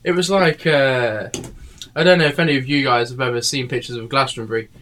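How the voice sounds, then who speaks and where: A man's voice: mid-range voice, fairly quick, a bit bright, a little hiss or hum. A man, tired, telling a rambling story in a casual chat full of fillers and swearing.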